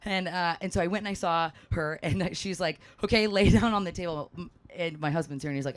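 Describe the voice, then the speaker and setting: Woman, low-ish register, live panel storyteller, animated and self-deprecating. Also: brisk. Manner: animated, self-mocking, often voicing others. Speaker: panel speaker at a live event. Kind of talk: comic storytelling to a live audience.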